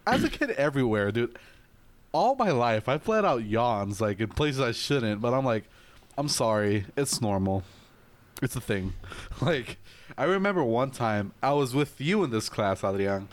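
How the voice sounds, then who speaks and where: A young man in casual chat, an animated storyteller who laughs and swears a lot. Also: mid-range voice, moderate pace. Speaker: podcast co-host.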